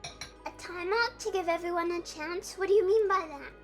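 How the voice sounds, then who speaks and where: A woman's voice: very high voice, moderate pace, faint music behind. A woman streaming live, chatting casually and greeting viewers by name in a bubbly way.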